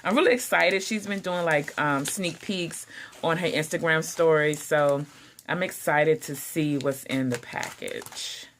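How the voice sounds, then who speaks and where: A woman hosting a casual unboxing vlog, excitable and gushing with frequent exclamations. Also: deep voice, unhurried, slight background noise. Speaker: planner channel host.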